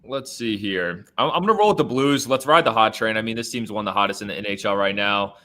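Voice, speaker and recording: A man giving his betting picks as a co-host in a brisk, confident way. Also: lowish voice, bright, forceful tone. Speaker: co-host handicapper. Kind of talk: casual picks chat.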